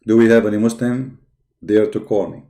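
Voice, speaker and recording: A man's voice: on the low side, a little fast, gravelly, warm tone. Taunting man. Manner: taunting, challenging viewers to call in. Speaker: live stream debate host. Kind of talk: mocking live stream talk.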